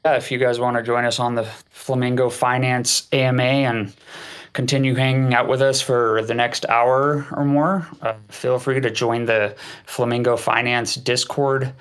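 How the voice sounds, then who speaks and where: A man's voice: medium pitch, level tone, normal speed, a bit bright, clean tone. Chatty man hosting a community call. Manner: patient, explanatory, chatty. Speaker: community host. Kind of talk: casual community voice chat. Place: online voice chat.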